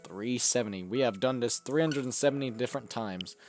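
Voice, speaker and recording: A man's voice: medium pitch, a little fast, soft background music. A young man chatting casually and swearing while live-streaming a game, laughing often.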